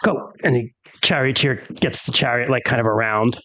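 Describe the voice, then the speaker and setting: A man's voice: mid-range voice, fairly even intonation, brisk, pushed and bright, dry recording, rough recording. A man narrating a tabletop game as game master, telling the scene with drama. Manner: dramatic storytelling with character voices.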